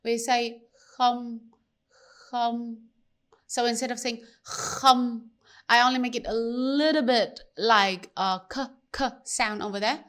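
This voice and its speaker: Slow, careful woman teaching pronunciation. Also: a little high, fairly even intonation, a bit bright. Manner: slow, careful, demonstrates sounds by repeating them. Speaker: language teacher. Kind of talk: pronunciation lesson.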